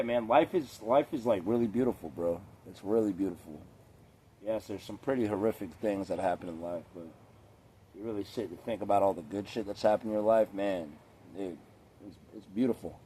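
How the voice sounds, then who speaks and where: A man's voice: lowish voice, dark tone, husky. A young man rambling casually in a laid-back, profane, chatty way with lots of fillers.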